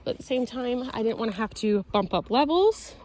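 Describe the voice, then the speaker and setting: Lively woman dog trainer, outdoors. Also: fairly quick, a little hiss or hum. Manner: sharp, high-pitched commands to the dog mixed with chatty explanations. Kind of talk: casual training vlog. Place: outdoor yard.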